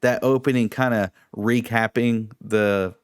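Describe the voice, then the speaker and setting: A man co-hosting a casual review chat, animated and mocking, slipping into impressions. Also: mid-range voice, measured pace, clear, resonant tone, no room sound, studio quality. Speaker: podcast co-host.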